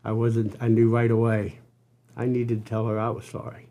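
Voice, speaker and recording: A man's voice: mid-range voice, monotone, mellow. Older man telling an earnest personal story. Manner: earnest, halting, full of restarts. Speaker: podcast guest. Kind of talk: storytelling interview.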